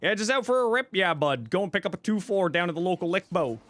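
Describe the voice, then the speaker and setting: A man's voice: high voice, animated, fast talker, a bit bright, pitched above the performer's own voice. A man voicing an easygoing rural Canadian guy with a broad rural Canadian accent, drawling in laid-back slang.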